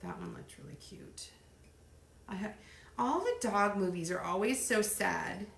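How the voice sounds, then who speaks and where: A middle-aged woman hosting a live crafting stream, chatting in a rambling way and counting softly under her breath as she works. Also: mid-range voice, a little slow, vocal fry, a little hiss or hum. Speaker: craft livestream host. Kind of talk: casual live chat while crafting. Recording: roomy echo.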